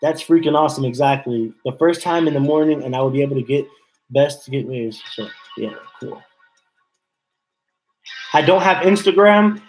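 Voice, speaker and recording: A man's voice: mid-range voice, moderate pace, darkish tone, faint music behind, poor audio. A man hosting a casual live stream from his home office, rambling and repeating himself as he reads chat messages aloud. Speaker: livestream host.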